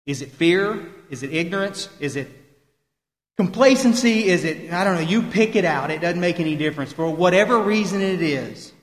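Man, high voice, earnest recovery talk, repeats for emphasis, roomy echoey hall. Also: expressive, moderate pace. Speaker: guest speaker at a recovery meeting.

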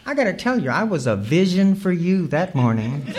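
A woman's voice: lowish voice, a little mellow. A woman sharing her recovery story as humorous personal storytelling, earthy and wry, laughing as she goes.

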